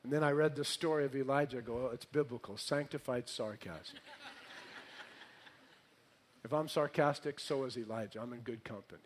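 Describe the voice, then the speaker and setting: A man's voice: mid-range voice, moderate pace, long pauses, a little hiss or hum. A middle-aged male pastor preaching a sermon, reading scripture dramatically and telling it with sarcastic humor. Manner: animated storytelling with sarcastic humor.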